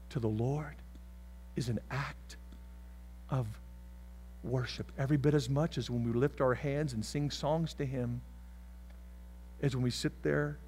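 A man preaching a sermon as pastor, swinging from loud shouts to soft whispers and acting out voices. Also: mid-range voice, a little hiss or hum.

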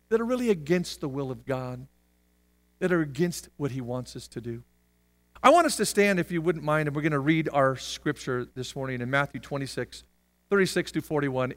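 A man preaching a sermon as a pastor, animated, at times shouting out the cries of a crowd. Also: sits high. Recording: long reverb of a hall.

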